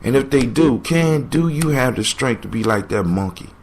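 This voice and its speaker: A man talks to his podcast listeners like a preacher, repeating key lines for emphasis as he draws a lesson from a folk tale. His voice sits at an ordinary pitch for a man, and he swings between urgent and quiet. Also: animated, moderate pace, slight background noise. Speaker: podcast host. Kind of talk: motivational podcast commentary.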